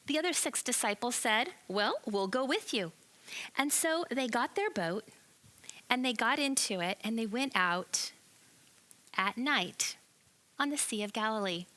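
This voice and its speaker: A woman telling a Bible story to children as a church lesson, animated and expressive, asking her listeners questions. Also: a little high, measured pace. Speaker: children's ministry teacher.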